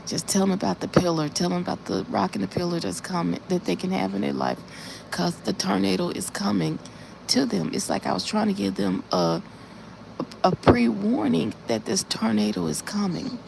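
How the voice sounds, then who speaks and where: A woman's voice: medium pitch, fairly even intonation, normal speed, creaky, noisy background. A woman on a casual live stream, earnestly retelling a dream in a repetitive way and speaking straight to her viewers. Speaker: livestreamer.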